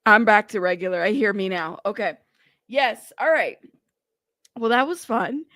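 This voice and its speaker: A woman's voice: medium pitch, moderate pace, a bit bright, no echo, studio quality. A woman from California hosting a casual true crime livestream, chatty and laughing, talking to her chat as y'all.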